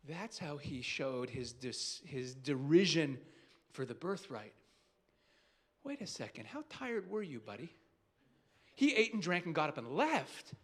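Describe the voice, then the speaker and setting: A man's voice: on the high side, sing-song, a little slow. A man, a rabbi, preaching in a conversational, emphatic way, asking rhetorical questions and restarting sentences. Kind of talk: sermon.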